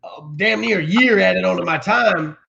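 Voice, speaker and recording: A man's voice: high voice, moderate pace, gravelly, bright, forceful tone, highs cut off. A laid-back man from Virginia, interviewing casually with slangy speech.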